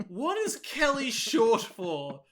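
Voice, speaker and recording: A man's voice: very high-pitched, wildly swooping pitch, slow, fairly bright tone. A man co-hosting a comedy podcast, sarcastic and sweary, riffing on a film with mock voices. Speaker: podcast co-host. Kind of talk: casual comedic chat.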